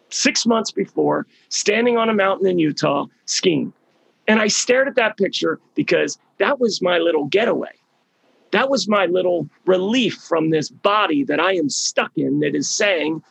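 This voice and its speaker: Very gravelly middle-aged man, emphatic. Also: sits high, a bit bright, dry recording. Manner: emphatic storytelling, repeats words for stress. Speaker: healing program leader. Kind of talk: motivational talk.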